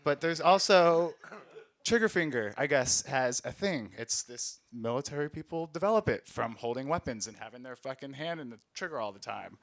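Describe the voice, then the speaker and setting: A man's voice: medium pitch, a bit bright. A man, an Army veteran, telling rambling, profane war stories in a casual comedy set and laughing at himself as he goes. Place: small recording studio space.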